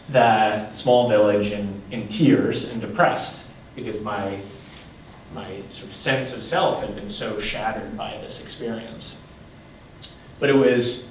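A man's voice: mid-range voice, distant mic, a little hiss or hum. Earnest man speaking in an echoey hall. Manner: earnest, restarts phrases. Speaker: guest speaker. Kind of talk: reflective public talk. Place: lecture hall.

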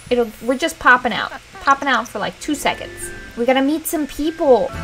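A woman's voice: high-pitched, expressive, normal speed, few pauses, music in the background, rough recording. A woman hosting a casual let's play, animatedly talking to her game character and reading game text aloud.

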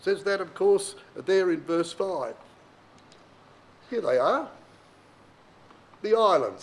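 Male Bible preacher, higher voice, very lively delivery, reads verses then explains. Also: takes it slowly, long pauses, low-quality recording. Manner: reads King James verses then explains them plainly to the congregation; emphatic, varies pitch and pace widely for emphasis. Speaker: Bible teacher. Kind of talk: sermon with scripture reading.

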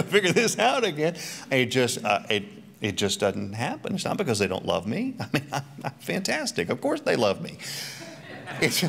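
A man's voice: medium pitch, a bit bright. A middle-aged man giving a church Bible teaching talk, full of joking, self-mocking asides.

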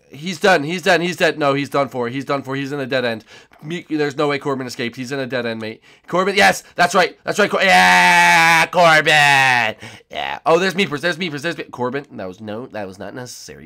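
A young man giving let's play commentary on a game, excitable and often shouting and squealing. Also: on the high side, brisk, vocal fry. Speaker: gaming YouTuber.

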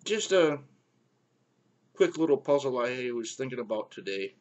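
A middle-aged man from the American Midwest with a Midwestern accent, talking to camera in a halting, friendly vlog full of fillers. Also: mid-range voice, very animated, darkish tone, lo-fi sound. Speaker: vlogger. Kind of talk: casual rambling vlog monologue.

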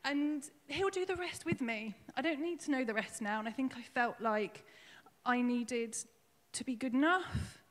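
A woman giving a personal testimony at her own baptism in church, emotional and tearful, halting with fillers as she speaks. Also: on the high side, a bit bright. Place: church hall. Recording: long hall reverb.

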